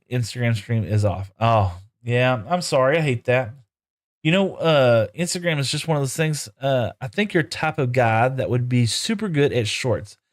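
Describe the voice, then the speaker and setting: A man streams a game live, with a middle-pitched, easygoing voice. He rambles casually, answers viewers' messages out loud and coos at the animals in goofy broken baby-talk. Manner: answers chat messages aloud while playing.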